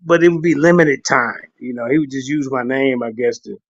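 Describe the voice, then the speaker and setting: A man chatting casually as a guest on a livestream, rambling, laughing often and slipping into excited high voices when he quotes himself. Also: fairly quick, no echo. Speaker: guest on a livestream talk show. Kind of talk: casual chat. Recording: dull lo-fi stream audio.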